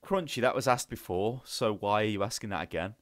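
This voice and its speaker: A man's voice: on the low side, brisk, no echo. Man, young, live-stream host, casual, swears a lot, dry headset sound. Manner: rambling and profane, with lots of fillers. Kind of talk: casual chat.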